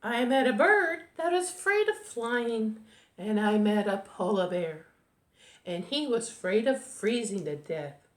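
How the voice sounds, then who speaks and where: A timid little storybook turtle, voiced by a woman reading aloud, polite and hushed. Its lively voice rises and falls, with an echoey room around it. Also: a little high, unhurried. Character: small timid young turtle.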